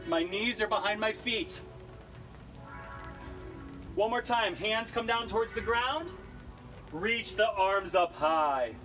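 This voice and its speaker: A man's voice: high-pitched, animated, takes it slowly, long pauses, pushed and bright, faint music behind. A man leading a live-streamed workout class, upbeat and cheery, cracking puns between exercise cues. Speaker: fitness instructor. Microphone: camera mic he adjusts.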